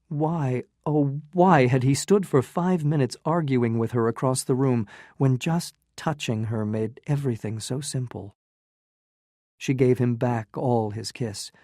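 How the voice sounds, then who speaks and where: Slow, mellow male storyteller. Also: mid-range voice, no echo, clean studio sound. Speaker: audiobook narrator. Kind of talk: slow graded-reader narration.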